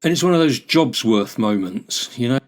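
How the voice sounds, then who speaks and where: A man's voice: mid-range voice, expressive, normal speed. An older man from the United Kingdom, a podcast co-host, chatting casually and telling anecdotes. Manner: chatty anecdotal storyteller, acts out exchanges. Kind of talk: casual chat.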